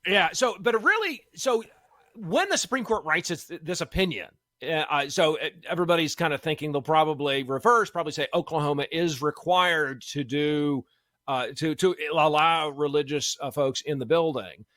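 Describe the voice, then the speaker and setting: Bright-voiced man. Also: on the high side, normal speed, no echo. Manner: thinks aloud with many fillers and restarts. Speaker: law professor guest. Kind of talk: casual radio interview. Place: radio studio.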